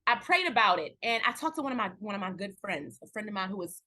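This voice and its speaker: A woman, an actress, chatting candidly in an interview, telling stories with lively acted-out quotes and at times close to tears. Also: medium pitch, fast talker. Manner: animated storytelling, acts out quoted dialogue, near tears at times. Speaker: guest actress.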